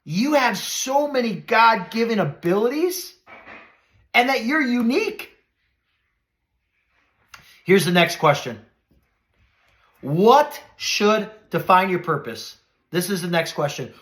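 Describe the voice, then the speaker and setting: Man, middle-aged, high voice, podcast host, motivational, earnest, preacherly, soft lows and emphatic highs. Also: very animated, slow pace, pauses often.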